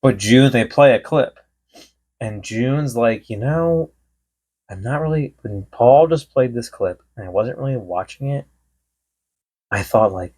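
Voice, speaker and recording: A man's voice: mid-range voice, a little mellow. A man co-hosting a podcast, telling stories in casual chat and quoting people as he goes. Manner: rambling storyteller, quotes people in bits. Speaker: podcast co-host.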